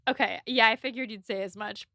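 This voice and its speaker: Woman, podcast co-host, chatty, casual book talk, bright voice, dry close mic. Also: a little high, fairly even intonation, a little fast, gravelly, dry recording. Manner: chatty, laughing, many likes.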